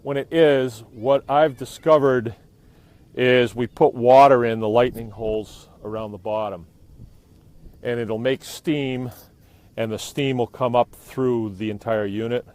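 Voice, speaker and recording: A biochar maker from New England, easygoing and prone to rambling jokes, does a casual live stream outdoors by a burning kiln, filming on his own phone over the roar of the fire. His mid-range voice is a little mellow, fairly even in intonation, and unhurried.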